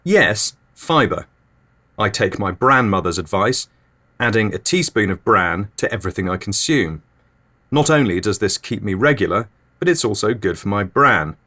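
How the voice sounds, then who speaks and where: A male podcast host with a fairly low voice, delivering absurd scripted comedy in a dry, mock-formal tone. He plays the silliness completely straight. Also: animated, normal speed, sharp tone.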